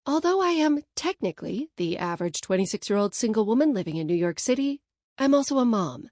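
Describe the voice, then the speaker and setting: A young woman narrates a first-person audiobook with a wry, sardonic edge. Her fairly high voice moves a lot in pitch. It is recorded close up on a studio mic, completely dry. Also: very animated, a little fast, darkish tone, no echo.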